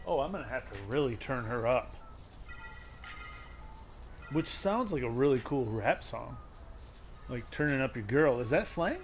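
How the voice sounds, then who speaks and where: A man's voice: mid-range voice, animated, measured pace, long pauses, soft background music. A man streaming a game from his desk at home, rambling playfully and laughing often. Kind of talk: casual let's-play commentary. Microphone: desk mic on a stand.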